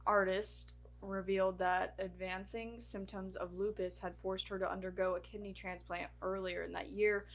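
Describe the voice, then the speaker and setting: A woman co-hosts a relaxed podcast, reading facts off her notes between bits of chat. She stumbles over names and dates and restarts lines often. Her pitch sits in an ordinary middle range. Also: moderate pace. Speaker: podcast co-host.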